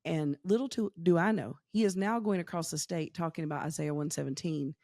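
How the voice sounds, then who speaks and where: A woman's voice: low voice, fairly quick, no echo, clean studio sound. A woman, a nonprofit founder telling her story in a casual interview and acting out the voices of the people in it. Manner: lively storyteller acting out quotes.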